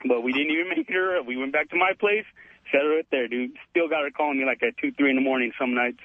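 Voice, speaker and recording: A man's voice: mid-range voice, quick pace, dry recording. A man calling in to a radio show over the phone, telling a story in a boastful, chatty way and calling the host dude. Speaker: caller. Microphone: telephone. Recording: tinny phone line.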